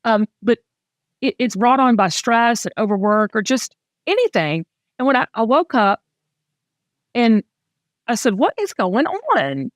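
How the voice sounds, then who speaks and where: A woman's voice: a little high, animated, measured pace, long pauses, no echo, studio quality. A middle-aged Southern woman hosting a candid, casual talk, speaking with heartfelt emotion and frequent restarts. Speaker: host.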